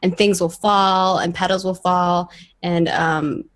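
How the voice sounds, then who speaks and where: A woman's voice: on the low side, fairly even intonation, slow pace. Chatty woman describing her game character. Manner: giggly, chatty. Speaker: player. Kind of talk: casual chat about her character.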